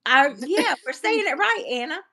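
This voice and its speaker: A woman, chatting as a guest on a livestream, animated and quick to laugh. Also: high voice. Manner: animated storyteller, laughs easily. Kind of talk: casual chat on a livestream.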